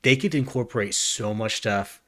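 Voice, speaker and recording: A man's voice: on the low side, moderate pace, a bit bright. A man streaming a reaction, talking casually in an earnest, rambling way with frequent restarts.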